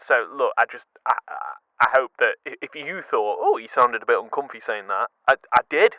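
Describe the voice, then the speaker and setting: A man's voice: mid-range voice, fairly quick, no room sound. A man giving casual comic commentary, stumbling over words and poking fun at himself. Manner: stumbling, animated, self-deprecating. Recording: dull dry lo-fi sound.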